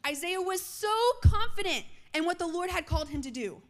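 High-voiced young woman preaching passionately. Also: animated, fairly quick. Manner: passionate preaching, shifts between loud calls and soft hushed lines. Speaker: youth speaker. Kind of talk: sermon.

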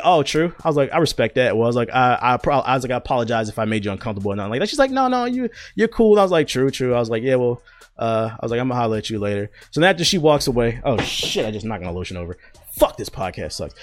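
This young podcast host has a fairly low voice, captured dry and close to the mic. His casual storytelling chat is loose and profane, packed with slang and filler words.

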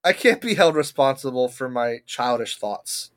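A podcast co-host in casual chat who tells stories in an animated way and laughs often. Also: medium pitch, moderate pace.

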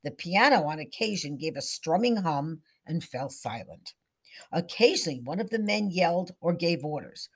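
Husky woman telling a suspense story. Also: fairly low pitch, expressive, moderate pace. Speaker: narrator. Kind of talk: dramatic story reading.

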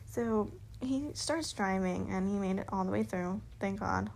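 A woman's voice: mid-range voice, measured pace, creaky, darkish tone, slight background noise. Young woman, bubbly, swearing, laughing often. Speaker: vlogger. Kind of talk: casual storytelling.

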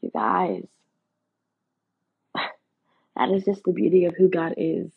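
A woman's voice: fairly low pitch, little pitch movement, slow, gravelly, husky. A woman hosting a podcast, giving an earnest devotional talk in a casual, preachy way full of fillers. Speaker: podcast host. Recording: phone-like, lo-fi audio.

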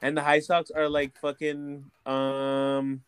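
A man's voice: a little high, monotone, takes it slowly, faint music behind. A man in casual chat who rambles, fills his talk with "like" and "uh", and swears a lot.

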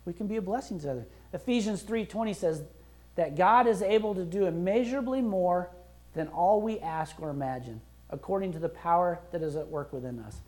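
Pastor, sermon, conversational, emphatic, acts out quotes, mid pitch. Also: normal speed, darkish tone. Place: church.

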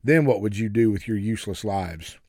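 A man voicing a spoiled, furious young woman in a hospital bed, yelling insults in a raised, shrill voice. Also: moderate pace, no echo, studio quality, natural voice. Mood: enraged.

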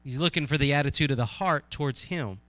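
A man preaching a sermon in an earnest, conversational way, asking his listeners questions and reading scripture slowly and with emphasis. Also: mid-range voice, a bit bright, dry recording.

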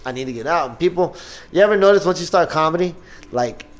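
A man who does open-mic comedy, talking in a casual podcast chat with a raspy voice and a profane, animated way of telling stories. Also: a little high, fast talker.

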